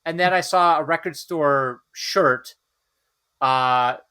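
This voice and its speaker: A man's voice: fairly high pitch, slow pace, pushed and bright, clean tone. A man co-hosting a casual podcast chat, telling a rambling story full of fillers and restarts. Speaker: podcast co-host.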